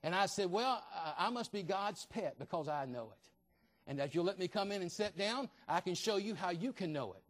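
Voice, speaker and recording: A man preaching a fervent evangelical sermon as a visiting preacher, repeating key phrases as he builds his points. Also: high-pitched.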